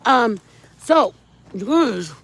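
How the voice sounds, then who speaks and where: Brief: middle-aged woman livestreamer, gravelly, slightly high, chatty and rambling. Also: very slow. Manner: rambling, animated storytelling, shouts greetings to viewers. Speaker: livestream host. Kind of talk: casual chat with viewers.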